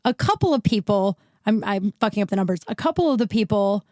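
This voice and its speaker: A woman's voice: mid-range voice, expressive, quick pace, warm tone, no echo. Sick worn-out woman rambling on her podcast, stops and restarts, swears, dead dry mic. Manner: rambling, self-interrupting, candid with swearing. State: sick and tired. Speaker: podcast host. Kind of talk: casual solo podcast chat.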